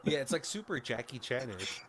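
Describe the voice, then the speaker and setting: Dude on a podcast rambling through a movie plot, cussing a lot, average pitch, a bit of hiss behind. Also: male voice, big pitch swings, normal speed, fairly bright tone. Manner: rambling retelling with swearing and laughs. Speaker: podcast co-host. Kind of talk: casual movie recap chat.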